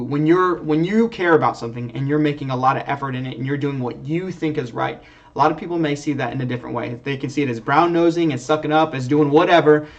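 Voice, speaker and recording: A young man, an Air Force sergeant, talking earnestly on a livestream and rambling with restarts and fillers, heard from a distance through a muffled mic. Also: a little high. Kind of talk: livestream talk. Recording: distant, dull lo-fi stream audio.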